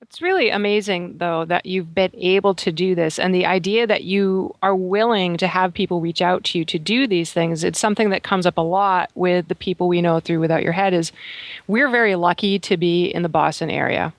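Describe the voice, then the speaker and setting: Give me a conversational podcast interviewer in a mid-pitched voice with a dry sound. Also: steady tone, a little fast, no echo. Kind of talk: casual interview talk.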